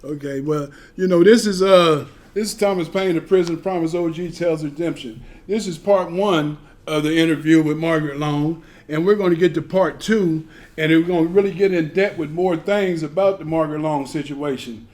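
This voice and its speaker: Higher-pitched male interview host. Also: moderate pace, few pauses, a little mellow. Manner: short affirming replies, stumbling questions. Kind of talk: interview hosting.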